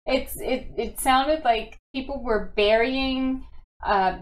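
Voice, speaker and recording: A woman's voice: high voice, takes it slowly, slight background noise, low-quality recording. A woman co-hosting a podcast in casual, rambling chat, often restarting her sentences. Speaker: podcast co-host.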